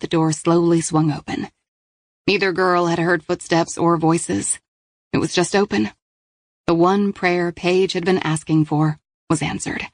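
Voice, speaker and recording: Low-voiced woman audiobook narrator. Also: no echo, studio quality. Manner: steady, measured storytelling. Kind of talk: scripted narration.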